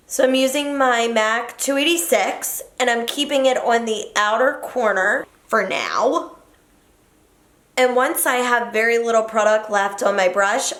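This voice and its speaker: Woman, young adult, beauty tutorial, jokey, slow talker, echoey room. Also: fairly high pitch, fairly bright tone. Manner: chatty, jokey, corrects her own slips. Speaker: beauty vlogger. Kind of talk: makeup tutorial chat. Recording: roomy echo.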